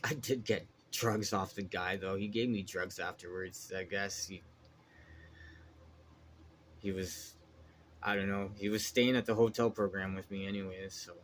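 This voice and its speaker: Agitated swearing man, low voice. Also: steady tone, a little slow, pauses often, fairly bright tone, slight background noise. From Canada. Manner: agitated, swears constantly, trails off and restarts. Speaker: vlogger. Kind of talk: rambling monologue.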